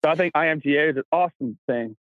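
A man from Kentucky, an actor, telling stories in casual chat, animated and acting out the voices of people he quotes. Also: fairly high pitch, very fast, no echo, narrow, tinny audio. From Kentucky, USA. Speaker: actor guest.

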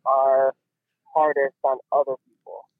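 A man's voice: on the high side, lively intonation, moderate pace, husky, no room sound. Hesitant man on a tinny phone line. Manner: hesitant, stumbling. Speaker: departing guest.

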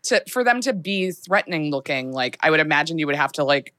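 Lively, low-pitched woman chatting in a dry room. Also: brisk, no room sound. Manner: reactive, interjecting, uses lots of "like". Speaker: podcast co-host. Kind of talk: casual chat.

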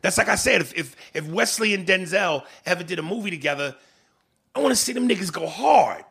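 A man co-hosting a podcast, talking casually and profanely, with animated swings in his delivery and reading listener mail aloud. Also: high-pitched, fairly quick, creaky, breathy edge. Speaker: podcast co-host.

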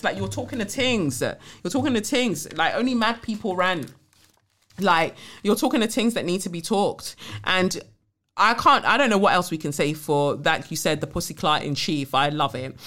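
A woman's voice: on the low side, a bit bright. A young woman hosting a podcast, talking in an emphatic, outspoken way and swearing freely as she reacts to a listener's letter. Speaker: podcast host. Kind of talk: casual podcast chat and letter reading.

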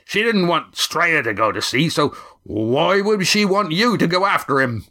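A man doing a booming, gruff old sea skipper. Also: lively intonation, measured pace, pushed and bright. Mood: demanding. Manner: booming, demanding. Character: gruff booming middle-aged boat skipper.

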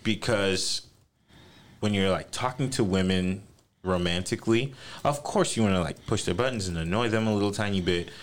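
A man's voice: deep voice, a little fast. A man from the US East Coast telling joking stories in a casual podcast chat. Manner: joking storyteller, animated.

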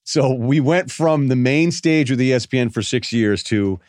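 A man's voice: mid-range voice, normal speed, hardly any pauses, a little mellow, dry recording, studio quality. A man hosting a podcast, telling rambling, self-deprecating stories in a casual way. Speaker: podcast host. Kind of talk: casual storytelling monologue.

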